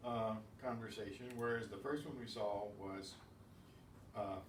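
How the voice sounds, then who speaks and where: A man's voice: lowish voice, fairly even intonation, noisy background. Patient male teacher in an echoey room. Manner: patient, explains slowly with repeated examples. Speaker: Spanish teacher. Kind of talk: classroom lesson. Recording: echoey room, distant mic.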